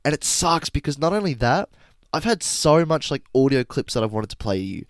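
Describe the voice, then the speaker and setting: A young man with a mid-range voice trades jokes in lively podcast banter. The sound is dry and close to the mic. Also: mid-range voice, a little fast, no echo. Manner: joking, animated banter. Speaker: podcast co-host. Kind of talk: casual chat.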